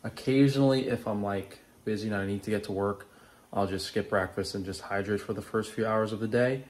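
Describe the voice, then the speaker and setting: A man's voice: on the low side, fairly even intonation, a little fast. A man vlogging in a casual, matter-of-fact way about his daily eating routine. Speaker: diet vlogger in the reacted clip. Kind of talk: casual vlog.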